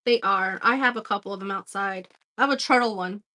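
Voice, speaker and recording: A woman chatting casually while sewing, lively and quick to agree. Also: mid-range voice. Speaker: guest sewist.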